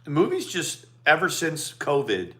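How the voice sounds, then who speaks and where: A man's voice: fairly high pitch, huge pitch swings, normal speed, bright, forceful tone. A man chatting casually on a livestream with his wife, teasing and affectionate, drifting into sports talk. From United States. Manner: affectionate, jokey, talks sports. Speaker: livestream co-host.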